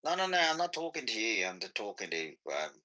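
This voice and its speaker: A man's voice: fairly low pitch, very animated, fast, pushed and bright, rough recording. A man with an Australian accent, chatting bluntly and profanely in a casual group call.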